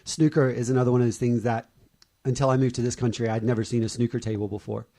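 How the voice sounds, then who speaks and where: A man's voice: medium pitch, steady tone, fast talker, warm tone. Hesitant man hosting a podcast. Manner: hesitant, many fillers and restarts. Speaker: podcast host. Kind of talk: casual sports chat.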